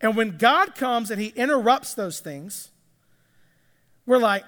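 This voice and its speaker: A man with a very high voice preaches in an easy, chatty way, stumbling and repeating words as he goes. The sound carries a long hall reverb. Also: expressive, takes it slowly, pauses often, fairly bright tone. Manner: conversational, repeats words when restarting. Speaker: pastor. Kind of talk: sermon.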